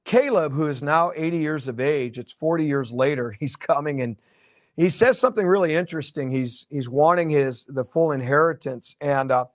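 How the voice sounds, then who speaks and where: A man's voice: fairly high pitch, moderate pace, dry recording, clean studio sound. A man preaching a prophetic sermon in a conversational way, with fillers, repeated words and joking asides. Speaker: pastor.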